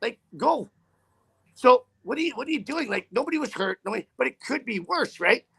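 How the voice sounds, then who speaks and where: A man's voice: very high voice, lively intonation, quick pace, creaky, fairly bright tone, husky. A man who drives trucks, telling a story in a casual interview with a profane, rambling, heated manner.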